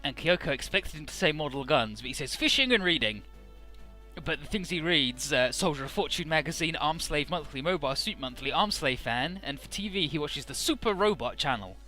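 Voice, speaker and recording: Bright-voiced man recapping a game story. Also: a little high, lively intonation, brisk, soft background music. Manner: offhand, profane, amused retelling with many "uh"s.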